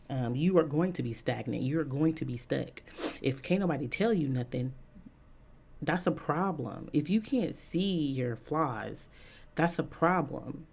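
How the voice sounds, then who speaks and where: Gravelly-voiced woman, frank vlog chat. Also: a bass voice, darkish tone. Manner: chatty and frank, many "um" fillers, repeats points for emphasis. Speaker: vlogger. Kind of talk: casual opinion monologue to camera.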